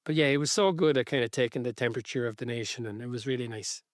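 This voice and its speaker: A man's voice: medium pitch, quick pace, no echo, clean studio sound. Rambling Irish man telling stories. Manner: rambling storyteller, laughs mid-sentence. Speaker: podcast co-host. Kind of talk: casual chat.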